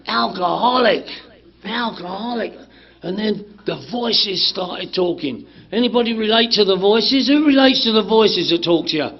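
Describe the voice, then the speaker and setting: A man telling his recovery story to a meeting in an animated way, acting out the dialogue, swearing and laughing. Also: sits high, moderate pace, hardly any pauses. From England. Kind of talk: personal recovery story told to a group. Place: community meeting room. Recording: dull lo-fi room recording.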